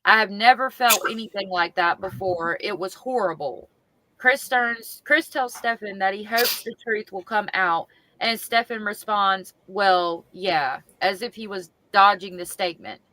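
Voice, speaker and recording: A woman reading case notes aloud in a plain, steady way on a live chat stream. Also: mid-range voice, a little slow, low-quality recording.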